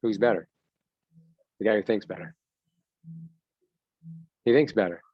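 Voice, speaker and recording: A man's voice: on the low side, unhurried, no room sound, lo-fi sound. Punchy man coaching a baseball team. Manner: punchy, repetitive, has players chant mantras. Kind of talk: motivational team talk.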